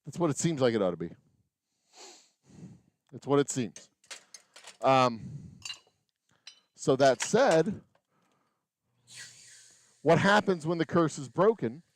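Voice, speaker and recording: This distiller's voice sits on the high side, animated yet slow, with many pauses. Hosting a live stream for his channel from a small indoor bottling room, he rambles through sarcastic musings and counts bottles under his breath as he works.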